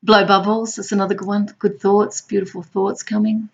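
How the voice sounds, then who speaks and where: A woman who works as a hospital clown tells her stories playfully, now and then jumping into high squeals. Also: flat delivery, moderate pace, vocal fry, dull audio. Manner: warm, playful, bursts into high squeals when acting out clowning. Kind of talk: personal storytelling.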